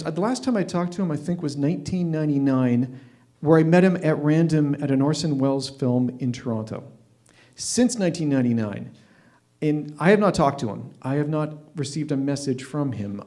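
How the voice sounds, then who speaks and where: Wry, stammering man telling a story. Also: on the high side. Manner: wry, deadpan, with frequent stammered restarts. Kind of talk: live storytelling at an open mic. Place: stage at an open mic night.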